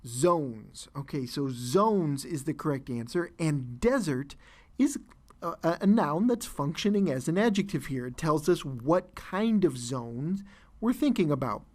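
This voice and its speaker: A man teaching an exam listening lesson, explaining answers in a measured way with frequent fillers and restarts. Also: a little high, a little mellow. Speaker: test-prep teacher.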